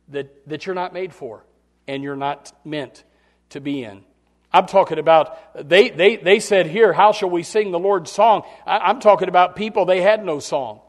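A male pastor preaching a sermon, dropping to quiet pleading and rising to loud shouts, often repeating words as he goes. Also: fairly high pitch, moderate pace.

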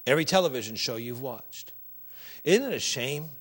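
A man preaching a sermon, emphatic and animated, addressing the congregation directly. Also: medium pitch, normal speed.

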